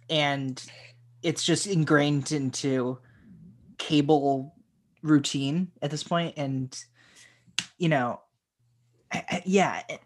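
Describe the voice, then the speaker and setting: Male co-host, husky tone, halting casual film chat full of fillers. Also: fairly high pitch. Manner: halting, many fillers and restarts. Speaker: podcast co-host.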